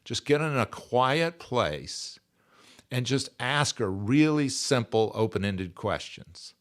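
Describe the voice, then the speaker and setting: A man's voice: mid-range voice, very animated, takes it slowly, a bit bright. A man in his sixties, speaking as a podcast guest in an earnest, emphatic way and repeating his key phrases. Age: 60s. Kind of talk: conversational interview.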